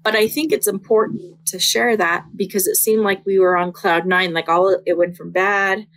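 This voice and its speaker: A young woman sharing a personal faith testimony in casual conversation, earnest and halting, with many fillers. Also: medium pitch, fairly even intonation, fairly bright tone, a little hiss or hum, low-quality recording.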